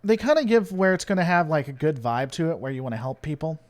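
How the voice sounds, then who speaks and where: A man's voice: a little high, fast talker. A man from the United States hosting his channel, rambling and joking with lots of fillers in casual live-stream commentary. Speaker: channel host.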